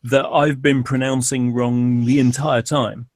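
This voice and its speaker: A man's voice: mid-range voice, little pitch movement, measured pace, no echo. English man telling a story, dry sound. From England. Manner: storytelling, hesitant with fillers. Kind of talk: casual group chat.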